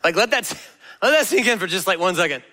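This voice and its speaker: Guy pastor preaching, chatty storyteller, slightly high voice, big church echo. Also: fast talker. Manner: animated storytelling, conversational. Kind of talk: sermon. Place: church auditorium.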